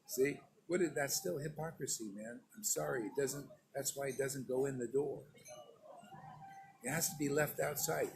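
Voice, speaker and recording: A man's voice: mid-range voice, moderate pace, gravelly, slight background noise, low-quality recording. A man giving an informal sermon to his disciples as their spiritual teacher, emphatic and stern, talking in a conversational way and often asking "see?".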